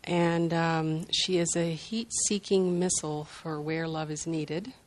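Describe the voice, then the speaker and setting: An older grandmother telling a heartfelt personal story in an unhurried, reflective way. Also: sits low, steady tone. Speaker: group sharer.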